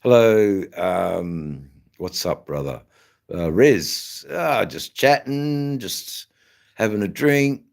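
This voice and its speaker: A man's voice: on the low side, animated, takes it slowly, creaky. A man with an Australian accent, hosting a casual livestream chat and rambling with many hesitations and fillers. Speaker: channel host.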